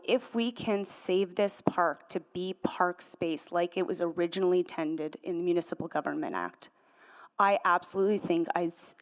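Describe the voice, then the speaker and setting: A woman speaking as a community representative at a council hearing, earnest and measured as she makes her case, recorded in a council chamber. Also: on the low side. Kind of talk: public hearing testimony, unscripted.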